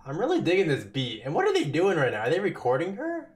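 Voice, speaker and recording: A man talking casually and excitedly as he reacts to a music video, full of slang. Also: a little high, quick pace. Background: song playing faintly.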